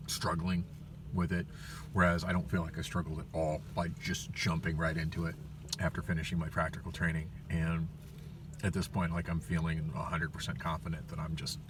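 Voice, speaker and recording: Deep-voiced man rambling in a parked car. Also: recorded from a distance, noisy background. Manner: rambling, many fillers and restarts. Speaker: vlogger. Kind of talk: casual car vlog. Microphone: phone.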